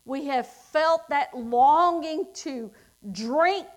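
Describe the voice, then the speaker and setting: A middle-aged woman delivers a sermon in a high voice. She takes her time, drawing out the scripture lines and then pressing her points with emphatic force. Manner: slow, drawn-out scripture reading, rising to emphatic declarations. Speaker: preacher.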